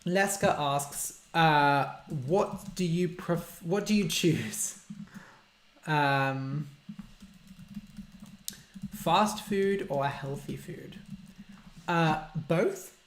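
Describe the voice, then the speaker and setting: A man's voice: fairly high pitch, extremely slow, long pauses. A man, a language teacher hosting a casual live-stream Q&A, reading out viewer questions and explaining simple words for learners. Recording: roomy echo.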